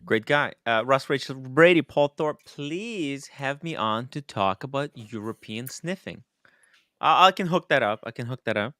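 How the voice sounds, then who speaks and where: A man hosting a casual livestream, reading out super chats, animated and laughing, swearing freely. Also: mid-range voice, moderate pace, no echo, clean studio sound.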